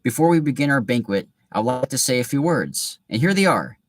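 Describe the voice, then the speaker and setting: A man's voice: medium pitch, lively intonation, a little fast, dry recording, voice pushed up, natural voice. Man putting on a whimsical old wizard headmaster, beaming, cheerful, raised voice, dry sound. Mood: jovial.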